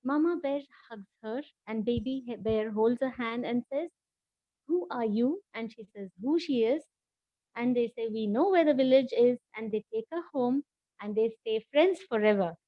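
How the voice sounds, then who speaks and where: A middle-aged woman with an Indian English accent, a former teacher reading a children's story aloud in an expressive, animated way over a video call. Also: a little high, moderate pace, no room sound. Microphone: laptop mic on video call. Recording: dull, dry video call audio.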